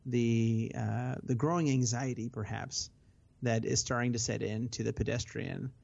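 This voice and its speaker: A man's voice: mid-range voice, fairly even intonation, unhurried, gravelly, darkish tone. A man co-hosting a casual book discussion podcast, thinking aloud with many hesitations and fillers. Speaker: podcast co-host. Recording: slightly dull lo-fi audio.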